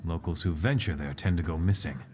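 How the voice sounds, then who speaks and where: A man voicing a townsman in a fantasy video game, giving warnings about local dangers in a measured, grave way. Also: deep voice, a little mellow, slight background noise, lightly acted.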